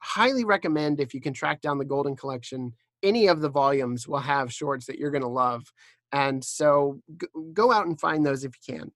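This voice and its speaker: A podcast host who hosts a casual interview, enthusiastic and quick with loose phrasing. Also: mid-range voice, lively intonation, no echo.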